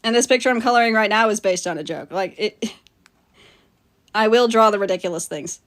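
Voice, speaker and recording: A woman livestreams while drawing, chatting casually with viewers, giggling often and poking fun at herself. Her mid-range voice is fairly bright and a little fast.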